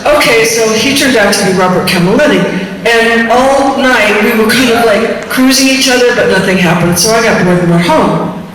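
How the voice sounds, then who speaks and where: A woman's voice: a little high, moderate pace, fairly bright tone. A woman on stage telling candid, rambling, self-mocking stories between songs, heard in a comic stage monologue. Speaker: singer performing on stage. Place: large concert venue, indoors. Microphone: recorded from the audience, far from the stage. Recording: distant, echoey arena recording with crowd noise.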